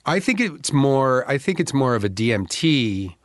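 Halting man chatting on a dry mic. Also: medium pitch, sing-song, no room sound. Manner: halting, loose, full of restarts and fillers. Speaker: podcast co-host. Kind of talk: casual chat.

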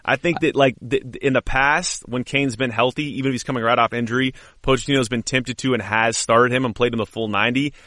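A man's voice: mid-range voice, fairly even intonation, fast, few pauses, bright, forceful tone, no room sound, clean studio sound. A man co-hosting a casual sports podcast, eager and rambling, with many restarts. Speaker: podcast co-host. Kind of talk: casual chat.

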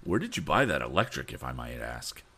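A man's voice: rumbling low, big pitch swings, brisk, bright, forceful tone, pitched below the performer's own voice, heavily acted. A man reading the part of a friendly adult racing driver who talks in a chatty, admiring way.

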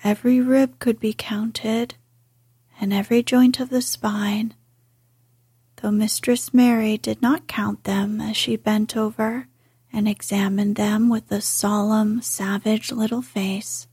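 A woman reading a classic story aloud in a soft, unhurried whisper. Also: medium pitch, level tone, slightly rough, no echo, clean studio sound. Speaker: narrator.

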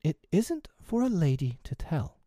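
Prim, motherly storybook girl, pitched up high with a lively, swooping line, as a male reader puts her on; earnest and a touch scornful. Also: a little slow, no echo, studio quality. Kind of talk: storybook character voice.

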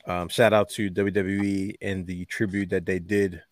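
A man hosting a casual podcast chat, heartfelt and unhurried, with many fillers and pauses. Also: sits low, flat delivery, no room sound. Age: adult with a young son. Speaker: podcast host.

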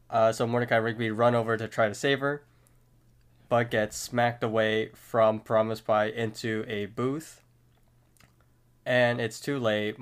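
A man with a smooth, resonant voice co-hosting a podcast and recapping a cartoon episode. He walks through each scene in order with steady, detailed narration. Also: mid-range voice. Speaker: podcast co-host.

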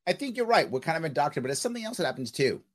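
Racing along in a fairly high voice, this man hosts a podcast interview. His talk is casual and animated, packed with strong opinions and repeated checks of "right?"

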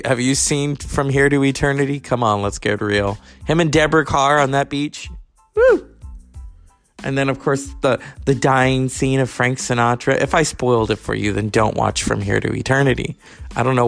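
On his own podcast, a man from California delivers a casual, rambling monologue of stories peppered with profanity and chatty asides. His voice is medium-pitched with a fairly bright tone.

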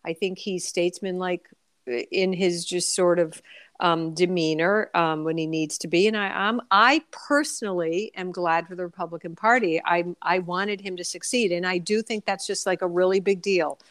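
A woman's voice: fairly low pitch, fairly even intonation, moderate pace, fairly bright tone, dry recording, studio quality. A woman columnist speaking as a guest on a radio talk show, thoughtful and full of hesitations. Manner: hesitant, many fillers and restarts. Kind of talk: radio interview.

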